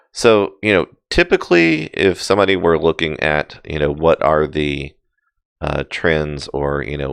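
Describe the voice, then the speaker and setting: A man's voice: extremely low pitch, vocal fry, no echo. A man giving casual live crypto chart commentary, rambling with many fillers and self-deprecating asides. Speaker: crypto market streamer.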